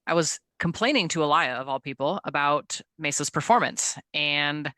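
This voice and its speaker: A woman business owner in a casual talk, earnest and animated. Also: deep voice, dry recording.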